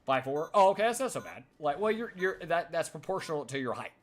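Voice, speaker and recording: A man's voice: on the high side, big pitch swings, fast, a little hiss or hum. Rambling, swearing male game streamer. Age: 30s. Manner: rambling, swears a lot, talks to chat. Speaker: gaming streamer. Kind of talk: casual live-stream chat while playing.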